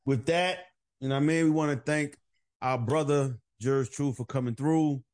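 A man hosting a podcast, telling a bar story in casual, profane, animated chat and acting out the voices of the people in it. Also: medium pitch, moderate pace. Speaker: podcast host.

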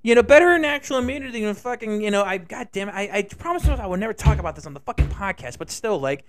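A man's voice: high voice, racing. A young man co-hosting a podcast, rambling and swearing a lot in casual banter. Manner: profane, rambling and excitable. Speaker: podcast co-host.

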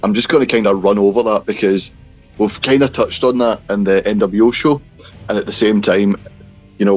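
A man, co-hosting a casual podcast chat and going through old events at an easy pace. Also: lowish voice. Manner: laid-back, chatty, swears. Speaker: podcast co-host. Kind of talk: casual chat about wrestling history. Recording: slightly dull lo-fi audio.

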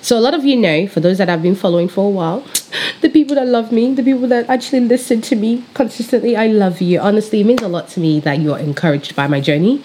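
A young woman hosting a faith podcast as a pastor, chatting casually with a high-pitched, excitable, energetic voice. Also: fast, slight background noise.

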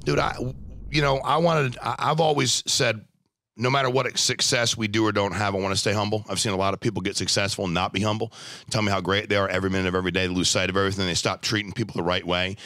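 A man in casual podcast talk, animated and emphatic, acting out the people in his stories. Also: on the low side, fast, no echo, studio quality. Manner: animated, emphatic, acts out dialogue. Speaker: life insurance agency owner.

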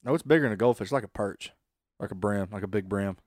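A man's voice: fairly low pitch, fast, dry recording, studio quality. A man, co-hosting a casual podcast and telling a story full of swearing. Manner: profane, storytelling, laughs while telling. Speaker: podcast co-host. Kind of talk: casual chat.

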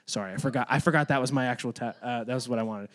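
A kids' ministry teacher chats informally with a roomful of children through a Bible lesson, addressing them directly. He has a medium-pitched, slightly bright voice and races along.

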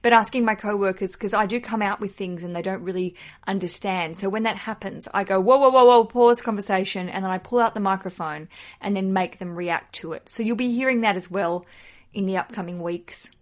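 A woman's voice: mid-range voice, a little fast. An Australian woman hosting a podcast, chatting casually in a playful, self-deprecating way. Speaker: podcast host. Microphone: podcast microphone.

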